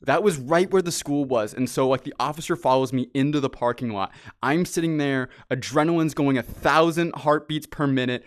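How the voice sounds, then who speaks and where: Animated young man telling a story. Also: a little high, brisk, hardly any pauses, no room sound, clean studio sound. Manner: animated, acts out voices in his stories. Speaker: podcast host. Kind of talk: casual storytelling chat.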